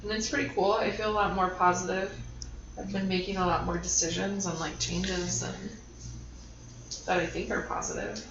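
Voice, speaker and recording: A woman's voice: on the low side, little pitch movement, moderate pace. A woman co-hosting a podcast in casual chat, blunt and joking, often laughing as she talks. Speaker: podcast co-host. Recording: echoey room, dull sound, background noise.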